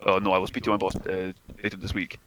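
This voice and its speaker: A courteous, obliging college lecturer with a clumsy Polish accent, as a man puts him on. He speaks formally in a fairly low voice at a brisk clip. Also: completely flat delivery, a bit bright, slight background noise. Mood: polite. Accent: Polish, put on badly.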